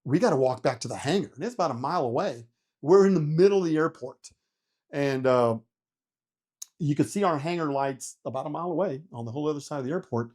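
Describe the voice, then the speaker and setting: Animated and fairly quick, a middle-aged man who once flew helicopters recounts a story during a casual interview, swearing freely as he acts out his panicked reactions. His voice is on the high side with a darkish tone.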